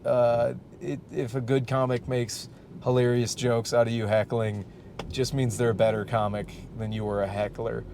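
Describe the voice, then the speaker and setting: A man's voice: medium pitch, flat delivery, moderate pace, noisy background. A man and stand-up comic hosting a casual solo podcast, ranting in a profane, rambling, worked-up way. He is from Michigan.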